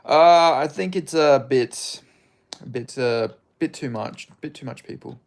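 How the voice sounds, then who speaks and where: Gravelly Australian man bantering with chat. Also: medium pitch, measured pace. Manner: blunt, profane, laid-back banter. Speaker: streamer reading chat. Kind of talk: casual livestream chat.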